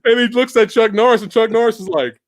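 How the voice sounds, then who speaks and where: A man hosting a casual live movie review chat, animated and swearing, acting out scenes with loud quoted lines. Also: extremely high pitch, quick pace, dry recording. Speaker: podcast host.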